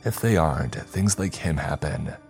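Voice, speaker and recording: A man voicing a ruthless male surveillance boss with a creaky voice who snaps at others with contempt. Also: very deep voice, animated, moderate pace, darkish tone, faint music behind, full character voice. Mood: ranting. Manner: snapping, contemptuous.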